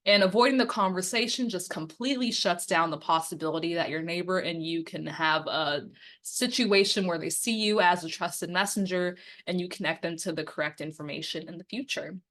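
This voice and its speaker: A young woman campaigning on media and democracy leads an instructional, quiz-style presentation in a lowish, somewhat bright voice at a fairly quick pace. She poses multiple-choice questions and explains the answers in a friendly coaching tone, with frequent ums.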